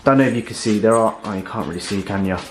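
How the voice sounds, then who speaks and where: A man, chatting casually at home as a fitness vlogger, cheeky and quick to swear. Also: lowish voice. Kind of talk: casual vlog chat.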